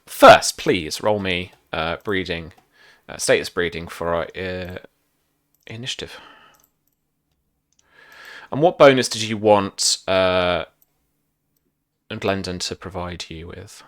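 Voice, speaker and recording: A man's voice: low-pitched, slow pace, long pauses, a bit bright. A man narrating as game master of a tabletop role-playing game, rambling and hesitant. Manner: rambling, hesitant, many fillers.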